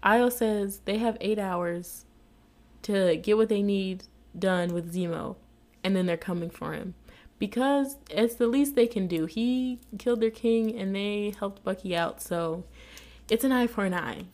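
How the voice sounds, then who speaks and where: A woman giving a chatty, expressive recap of a TV episode, laughing often as she talks. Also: medium pitch, unhurried. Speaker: TV episode reviewer.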